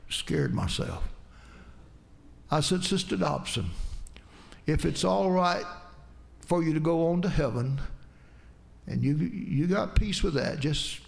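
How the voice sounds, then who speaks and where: Male preacher, gravelly and a touch high; earnest sermon storytelling with emphatic climbs. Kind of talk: sermon with personal testimony.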